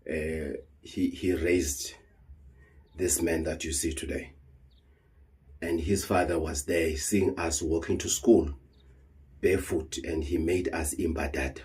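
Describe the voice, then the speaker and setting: A man's voice: extremely low pitch, steady tone, takes it slowly, pauses often, darkish tone, husky. A South African man, a traditional healer, talking heatedly and earnestly to camera, repeating words and mixing in Zulu phrases. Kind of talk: emotional monologue to camera.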